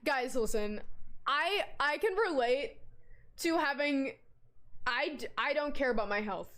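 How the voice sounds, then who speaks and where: A young woman livestreaming from home, chatting casually in an excitable, rambling way, giggling and swearing as she goes. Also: high-pitched, measured pace. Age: young adult. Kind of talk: casual live-stream chat.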